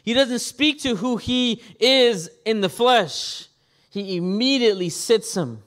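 A man preaching a sermon as pastor, animated and acting out scenes with quick voice changes. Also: very high voice.

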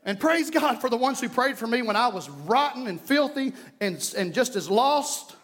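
A male pastor delivers a sermon. His voice sits very high, rising to loud calls to the congregation, then dropping to soft, hushed prayer. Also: animated, normal speed. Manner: passionate preaching, swinging between loud calls and hushed prayer. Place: church sanctuary.

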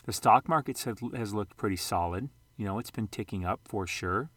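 A man with a fairly low voice talks viewers through charts in a loose, rambling vlog style. He corrects himself often and throws in jokey asides. The sound is dry and close, with no room echo. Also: moderate pace, a bit bright. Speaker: sports card and investing vlogger. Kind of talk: casual screen-share commentary.

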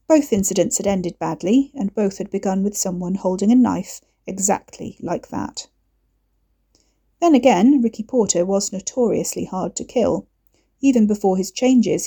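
A woman narrating an audiobook in a steady, measured reading. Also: mid-range voice.

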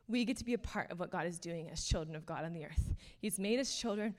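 A woman's voice: medium pitch, fairly quick, few pauses. A young adult woman giving an earnest, casual sermon, full of fillers and passing laughs. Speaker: speaker.

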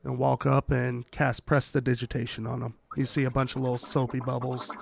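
Guy w a really gravelly voice playing tabletop, casual. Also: mid-range voice, level tone, a little fast. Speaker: player.

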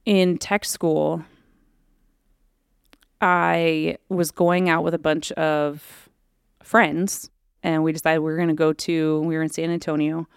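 A woman hosts a podcast and tells her own story in a candid, halting way, with lots of fillers. Her voice is low and gravelly, and she speaks slowly. The sound is dry and close. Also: flat delivery, no room sound. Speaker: podcast host. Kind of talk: personal storytelling.

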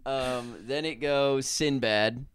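A man's voice: mid-range voice, slow pace, clear, resonant tone. A young man co-hosting a casual movie podcast, ranting with sardonic jokes. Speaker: podcast co-host. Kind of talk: casual movie review chat.

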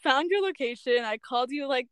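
A young woman co-hosting a podcast, telling a story in casual chat, animated and full of "like" and "bruh". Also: high voice, fairly quick, clear, resonant tone, no echo, studio quality. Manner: animated storyteller, heavy use of "like" and "bruh", acts out quotes. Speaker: podcast co-host.

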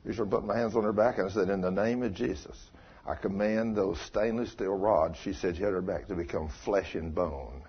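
A man telling a story in a sermon, folksy, going from hushed to loud and excited. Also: sits low, brisk, husky. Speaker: preacher. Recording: dull muffled sound.

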